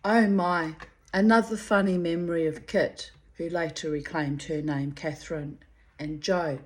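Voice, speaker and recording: A woman's voice: fairly low pitch, steady tone, unhurried, slight background noise. A middle-aged woman reading her own memoir aloud, fond and reminiscent, with digressive asides and laughter. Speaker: memoir reader.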